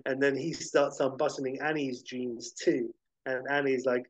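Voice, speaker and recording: A man casually narrating a film pitch scene by scene, rambling with frequent fillers. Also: flat delivery, normal speed, dry recording, low-quality recording.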